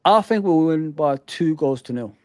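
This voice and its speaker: A man who is a guest in a casual football fan chat. He is animated, repeats himself and often addresses the host by name. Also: a little high, normal speed, dry recording.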